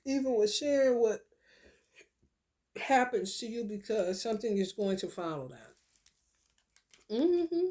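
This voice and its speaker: A woman ranting straight to her viewers in a casual, swearing monologue, calling them "y'all" and "honey" as she preaches. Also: on the low side. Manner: animated, swearing, preachy rant. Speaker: vlogger.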